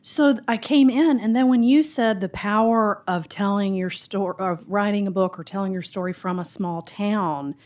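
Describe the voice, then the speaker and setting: A woman's voice: mid-range voice, moderate pace, hardly any pauses. Chatty Southern-drawled woman telling a story. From Mississippi and Tennessee, US South. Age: middle-aged. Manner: chatty, rambling, animated storyteller acting out quotes. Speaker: audience member. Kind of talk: rambling personal story in a Q&A. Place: bookstore event room.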